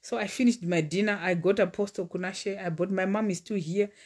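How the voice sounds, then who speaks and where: A woman's voice: mid-range voice, steady tone, a little fast, a little mellow. A woman, preaching and sharing testimony in fervent, repetitive declarations. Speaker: preacher and relationship coach. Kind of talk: livestream sermon with personal testimony.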